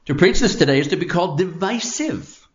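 An emphatic male preacher delivers a sermon, piling up phrase after phrase with building force. His voice sits a little high for a man. The sound is echoey and slightly dull. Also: expressive, fairly quick. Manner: emphatic, declamatory, building lists with rising force.

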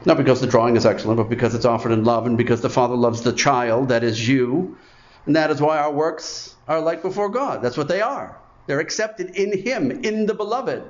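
A man's voice: medium pitch, a little fast. A man preaching a sermon in an emphatic way, repeating phrases for effect. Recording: muffled, lo-fi sermon recording.

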